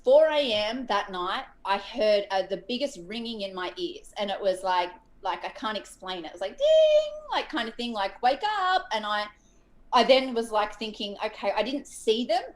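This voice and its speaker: A woman in her thirties calling in to a live talk show, telling a rambling, animated story full of quoted asides. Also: medium pitch, normal speed. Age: 30s. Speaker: caller. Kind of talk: casual call-in chat.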